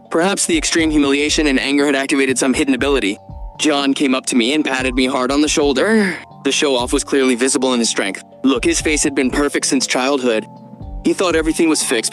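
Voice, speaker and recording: Male narrator, quick read over soft music, first-person recap. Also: mid-range voice. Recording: light background music.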